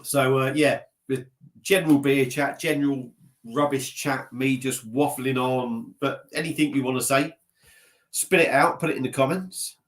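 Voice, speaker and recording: A man with a slightly blocked nose rambles through a relaxed live stream from his desk at home. He laughs at himself, trails off and restarts often, and talks into a laptop mic. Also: medium pitch, moderate pace. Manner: rambling, self-mocking, chatty, reading out comments. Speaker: beer vlogger live-streaming. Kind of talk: casual live-stream chat.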